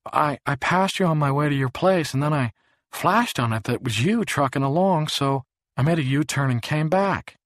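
Reading an audiobook, a man voices a casual young woman with an offhand, breezy manner, pitching himself above his natural voice. The delivery is a little high, expressive, at normal speed and fairly bright. It's a dry, clean studio recording.

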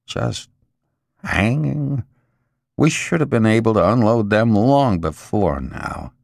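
Man playing a hoarse croaky boss, short round and sweaty, gloomy and blustering, swings up and down in pitch, dry close sound. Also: expressive, slow pace, a little mellow, no room sound, heavily acted. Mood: bleak, apologetic.

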